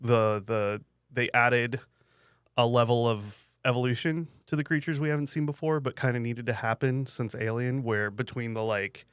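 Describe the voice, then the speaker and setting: Man podcast co-host with a smooth, resonant voice and a dry sound. Measured and articulate. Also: medium pitch, fairly even intonation, no room sound. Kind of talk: casual chat.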